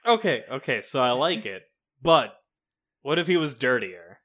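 A man's voice: mid-range voice, very animated, moderate pace, fairly bright tone. A man co-hosting a comedy podcast, eager and rambling, often laughing. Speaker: podcast co-host. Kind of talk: improvised comedy chat.

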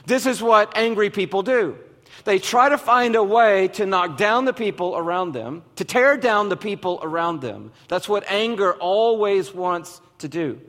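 Male pastor, high voice, deliberate emphatic sermon delivery, long hall echo. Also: animated, fairly bright tone. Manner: slow, emphatic preaching with dramatic pauses.

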